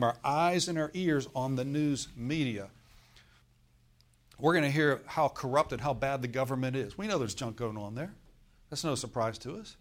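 A man's voice: on the high side, a bit bright. Conversational preaching man, talks to the crowd. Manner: conversational preaching, rhetorical questions to the congregation. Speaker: pastor. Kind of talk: sermon.

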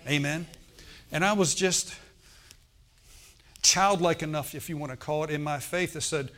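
A man's voice: a little high, moderate pace, long pauses, fairly bright tone. A man preaching a sermon, telling a personal healing story and often asking the congregation "Amen?". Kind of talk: sermon testimony.

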